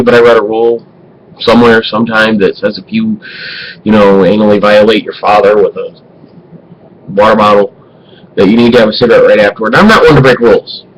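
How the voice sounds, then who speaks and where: A man telling an embarrassing personal story to camera in an animated, profane way, swinging between loud and hushed. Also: on the low side, slight background noise, poor audio. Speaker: vlogger.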